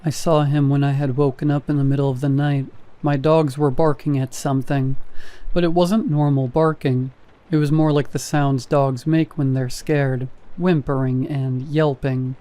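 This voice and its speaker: A man narrating a scripted first-person horror story in a steady, even manner. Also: medium pitch, moderate pace.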